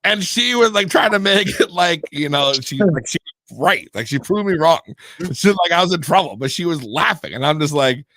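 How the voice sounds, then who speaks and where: Casting: profane storytelling host, bright, lively voice, higher male pitch. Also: a little fast. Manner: profane, laughing, animated storytelling. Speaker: podcast host. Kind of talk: casual podcast chat.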